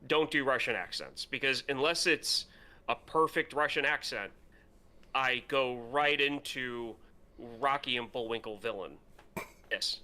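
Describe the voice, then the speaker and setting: A man speaks at a measured pace in a mid-range voice with a sharp tone. As a movie podcast co-host, he reviews films casually, rambling with plenty of fillers and laughing readily.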